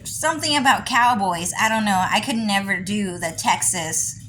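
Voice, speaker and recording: A woman's voice: mid-range voice, normal speed, pushed and bright, slight background noise, poor audio. A woman, rambling through a casual monologue for her diary vlog, full of "you know" and "like.". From California. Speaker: diary vlogger.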